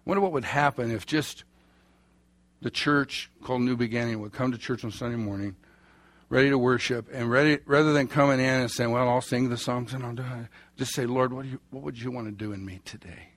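A man's voice: medium pitch, steady tone, fairly quick, a bit bright, no room sound. A middle-aged man preaching a sermon, folksy and anecdotal, chuckling through his stories. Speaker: pastor.

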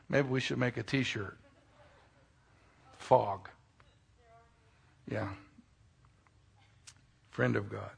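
A male pastor preaching a sermon, swinging between loud, emphatic declarations and quiet, intimate asides, with folksy jokes mixed in. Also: mid-range voice, gravelly, slightly rough.

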